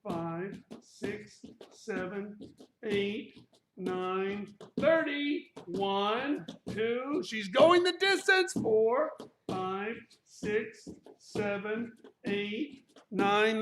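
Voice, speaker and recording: High-voiced, slow-paced male martial arts instructor. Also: fairly bright tone, a little hiss or hum. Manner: playful, corny puns, chatty asides. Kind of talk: live workout class, counting reps aloud. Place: echoey martial arts studio. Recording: echoey room.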